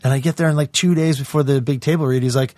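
A man in his forties, a guest actor in a casual podcast chat, telling animated stories and acting out quotes in other voices. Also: medium pitch, fast talker, a little hiss or hum.

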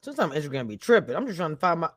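A woman's voice: sits low, very animated, very fast, fairly bright tone. A woman hosting a casual live stream, chatting straight to her viewers and laughing often as she talks. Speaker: live-stream show reviewer.

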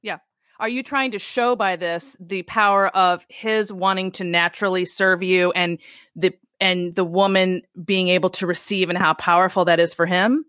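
A woman's voice: on the low side, steady tone, moderate pace, fairly bright tone. A woman in her fifties hosting an interview, chiming in with short affirmations and follow-up questions. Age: 50s. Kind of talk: interview chat.

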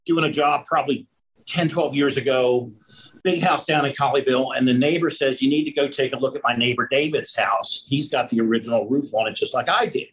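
A man, a roofing contractor, telling lively stories in a casual conversation and acting out the people in them. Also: medium pitch, fairly quick, slightly rough, rough recording. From Pennsylvania. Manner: animated storyteller who acts out the people in his story.

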